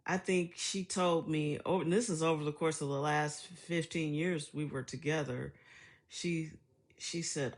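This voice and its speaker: A woman's voice: deep voice, steady tone, unhurried. A middle-aged woman talking in a casual vlog monologue, chatty and reflective, laughing often as she tells stories. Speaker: vlogger.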